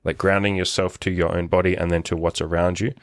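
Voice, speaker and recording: A man's voice: low-pitched, flat delivery, quick pace, no room sound, clean studio sound. A man hosting a podcast, talking frankly as a life coach in casual chat, with some swearing.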